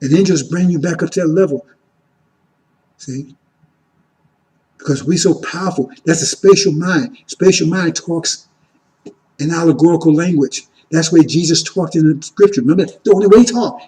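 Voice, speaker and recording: A man giving an informal teaching sermon, repeating "See?" and "right?", moving between loud emphatic lines and quiet asides. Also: on the high side, low-quality recording. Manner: repetitive, keeps asking "See?" and "right?". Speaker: religious teacher.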